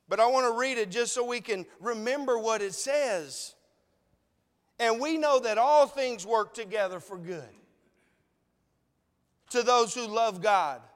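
Earnest preacher, a man with a very high voice, chatty, long hall echo. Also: a bit bright, smooth. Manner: earnest, conversational, repeated rhetorical questions. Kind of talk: sermon. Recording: long reverb of a large hall.

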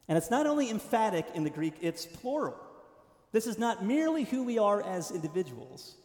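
A man with a high voice preaches from the pulpit, pressing hard on key words and then easing down to a softer tone. His sermon rings through a church sanctuary with a long, echoing reverb. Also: expressive, brisk. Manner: emphatic preaching, rising to stressed lines then dropping soft. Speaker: pastor.

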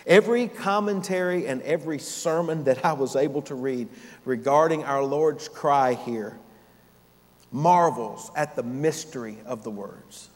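A man with a fairly high voice preaches from the pulpit, his delivery swelling to emphatic peaks before sinking to a hushed, almost whispered hold. His words ring out with a long reverb through a church hall. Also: a little slow. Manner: dramatic preaching, swelling loud then dropping to near-whisper. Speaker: pastor. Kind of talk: sermon.

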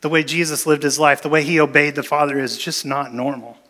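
A man with a fairly high voice preaching a sermon. He tells the story with energy, jumping into acted-out lines from the people in it. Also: fairly quick. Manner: animated storytelling with acted-out quotes. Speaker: pastor.

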